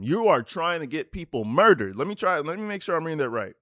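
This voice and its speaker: A man's voice: a little high, big pitch swings, fast talker, hardly any pauses, fairly bright tone, no echo, clean studio sound. A man giving a crude, sarcastic reaction commentary, mocking the texts he reads aloud and often laughing. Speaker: online commentator.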